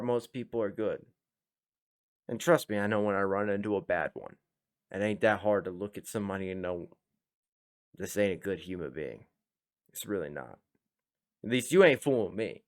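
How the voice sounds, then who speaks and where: A blunt, profane man hosts a reaction video. His voice sits a little low, and he talks in loose, emphatic commentary that is full of swearing. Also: lively intonation, normal speed, pauses often, a little mellow.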